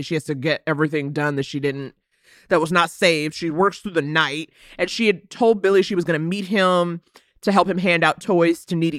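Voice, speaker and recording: A woman's voice: low voice, no room sound, studio quality. A woman co-hosting a casual film review, acting out characters' lines as she recaps. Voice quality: animated, acts out characters' lines. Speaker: podcast co-host.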